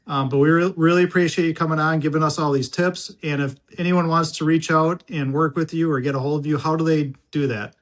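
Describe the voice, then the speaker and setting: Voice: medium pitch, steady tone, brisk, few pauses. A podcast host with a mid-range voice closes the interview. The host thanks the guest and asks how listeners can get in touch. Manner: brief, affirming interjections.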